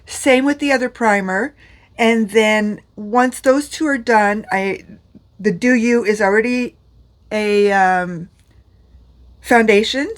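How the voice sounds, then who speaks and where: A middle-aged woman vlogger talks at an unhurried pace in a loose, rambling way. She sounds tired and in pain, yet keeps breaking into self-deprecating laughter while she chats about her makeup. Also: medium pitch. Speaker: beauty vlogger. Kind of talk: chatty makeup vlog monologue.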